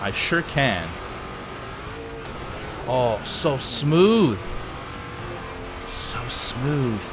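A man at a mid-range pitch narrates his own gameplay in a casual, joking way. He drifts between relaxed chatter and sudden excited outbursts. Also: extremely slow, over music. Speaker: let's play host.

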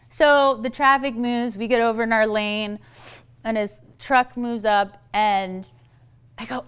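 A woman with a fairly high, clear, smooth voice gives a talk to a live audience. She tells a story and acts out the people she quotes with lively energy. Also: measured pace. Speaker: speaker giving a parenting talk. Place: event hall.

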